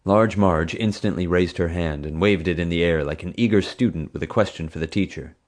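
A man narrating an audiobook in a lively, expressive storytelling manner. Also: deep voice, a little fast. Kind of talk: scripted narration.

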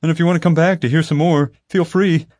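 A man's voice: fairly high pitch, fairly even intonation, quick pace, a little mellow, dry recording, voice pushed up, lightly acted. A male audiobook reader voicing a chatty, lonely young female panda keeper who eagerly rattles off facts. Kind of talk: audiobook character voice. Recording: dry close studio sound.

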